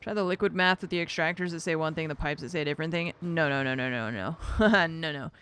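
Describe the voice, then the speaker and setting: A young woman with a deep, smooth, fairly bright voice talks quickly while streaming a factory-building game. She thinks out loud, gets flustered juggling numbers, and pokes fun at herself in casual gameplay commentary.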